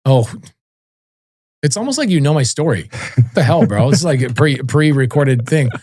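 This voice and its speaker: Telling stories in a relaxed, lively way, this forties-aged podcast guest imitates the people he quotes and drops casual curses. His voice sits at medium pitch with a darkish tone, animated at a moderate pace, and the recording is dry.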